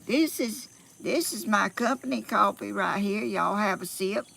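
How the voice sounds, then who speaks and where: Here a woman vlogger from the US South, Georgia specifically, uses a medium-pitched, fairly bright voice with vocal fry, moving a little slowly. Streaming from her phone outside and somewhat out of breath, she rambles in a homey way, with lots of laughter and fillers.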